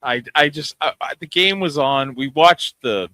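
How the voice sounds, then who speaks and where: A man's voice: fairly high pitch, moderate pace, pushed and bright, no room sound. A man co-hosting a podcast, giving blunt, profane opinions in casual chat. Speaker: podcast co-host.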